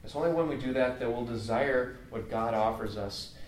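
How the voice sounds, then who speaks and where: A man's voice: medium pitch, moderate pace, a little hiss or hum. Earnest preacher man in an echoey hall. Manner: earnest, informal, many fillers. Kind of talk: conversational sermon. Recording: echoey room, mic at a distance.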